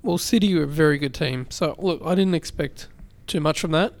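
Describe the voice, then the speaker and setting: Man, podcast host, easygoing and chatty, higher-pitched voice. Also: brisk. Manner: relaxed, chatty, laughs easily. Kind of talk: casual podcast chat.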